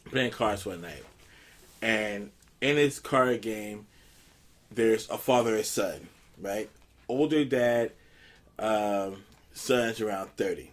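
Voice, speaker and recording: A man's voice: lowish voice, slow, long pauses. A man hosting a casual podcast, telling a story with lots of laughter and loose slang. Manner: animated storyteller, laughs often. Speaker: podcast host.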